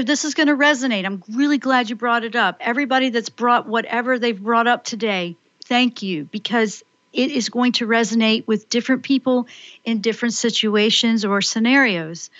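Excitable woman hosting a spiritual call-in show. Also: a little high, no echo, lo-fi sound. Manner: excitable, rambling, acts out her own inner voice. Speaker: radio call-in show host. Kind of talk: spiritual call-in radio chat.

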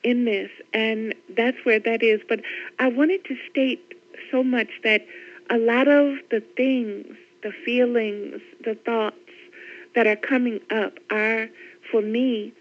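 A woman's voice: fairly high pitch, fairly even intonation, lo-fi sound. Earnest woman caller on a spiritual radio show. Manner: earnest, effusive, measured. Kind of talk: earnest spiritual call-in talk.

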